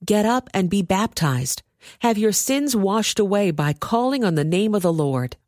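A woman voicing a devout, godly elder man who speaks in a gentle, urging way. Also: mid-range voice, expressive, measured pace, no room sound, studio quality, natural voice.

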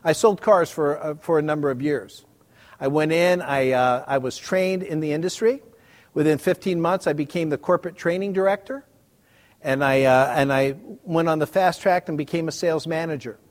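A middle-aged man preaches with a notably high voice, reading scripture and turning to the congregation with joking, conversational asides. His voice rings out with a long hall reverb around it. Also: moderate pace. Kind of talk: sermon with Bible reading.

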